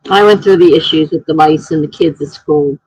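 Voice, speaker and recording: Husky-voiced woman chatting on a live stream. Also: deep voice, brisk, dry recording, dull audio. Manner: chatty, reads viewer comments aloud and tells excitable anecdotes. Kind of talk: casual live-stream chat.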